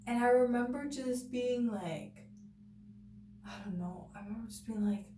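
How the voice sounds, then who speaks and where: A fairly high-pitched but dark-toned female voice at a moderate pace belongs to a young vlogger talking to camera. She tells a personal story in a chatty manner, leaning on "like" and "you know" and acting out quotes. The recording has room echo, a distant mic and faint noise.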